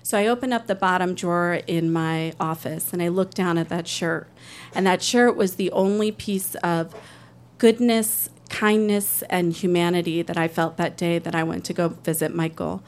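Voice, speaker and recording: A woman's voice: on the low side, fairly even intonation, moderate pace. A woman telling a personal story on stage, in an earnest, conversational way, briefly acting out other people's voices.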